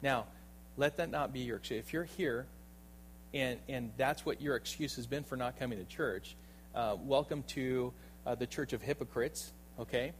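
A man preaching a sermon as pastor, emphatic and full of rhetorical questions, often checking in with his listeners by asking "right?". He swings between loud bursts and soft, low asides. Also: moderate pace, a little hiss or hum, rough recording.

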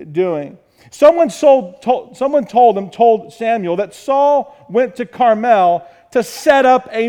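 A man's voice: high-pitched, in a large hall. A man preaching a sermon to his congregation, repeating key lines and building emphasis. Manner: preaching with repetition and rising emphasis. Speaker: pastor.

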